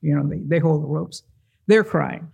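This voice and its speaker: A man telling a first-person story to a live audience, animated, acting out the voices of the people in it. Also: on the high side, normal speed, creaky, breathy edge. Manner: animated, acts out quoted voices.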